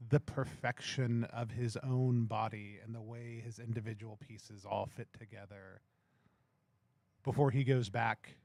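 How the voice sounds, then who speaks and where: A man's voice: mid-range voice, darkish tone, no room sound. Man, cinematic tabletop narration, dry close sound, um and uh fillers. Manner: descriptive, camera-like narration with fillers. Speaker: player narrating his scene.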